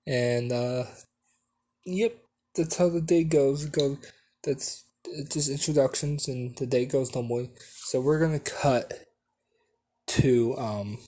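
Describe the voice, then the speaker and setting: Slow, rambling man telling a story. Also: medium pitch, dark tone. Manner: rambling, full of fillers and restarts. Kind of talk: casual spoken fan-story telling.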